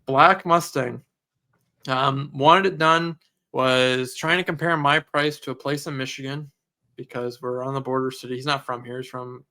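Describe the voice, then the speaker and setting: A man co-hosting a casual podcast, telling lively stories and acting out customer conversations. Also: medium pitch, moderate pace. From Canada. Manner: animated storyteller, acts out customer dialogue. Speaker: podcast co-host, auto detailer.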